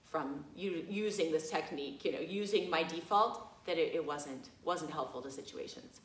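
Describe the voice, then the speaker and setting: Animated woman telling a story, echoey room. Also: low voice, moderate pace. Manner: animated, laughing, many fillers like "you know". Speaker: massage college teacher. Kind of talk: casual storytelling talk.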